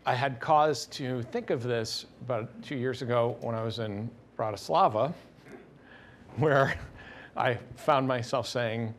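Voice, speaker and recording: A man's voice: mid-range voice, takes it slowly, slight background noise. A man speaking as a panelist, hesitant and reflective. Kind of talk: panel discussion.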